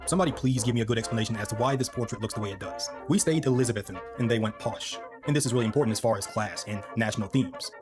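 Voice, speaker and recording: A man reads a scripted history narration at a very fast clip, throwing in wry asides to the viewer. Clear background music plays under his voice the whole time. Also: medium pitch.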